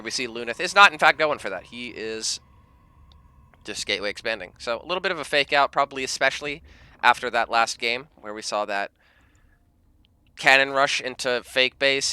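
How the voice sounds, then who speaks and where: A man casting a live strategy game, excitable and joking in quick banter with his co-caster. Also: medium pitch, smooth, no echo. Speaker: esports caster.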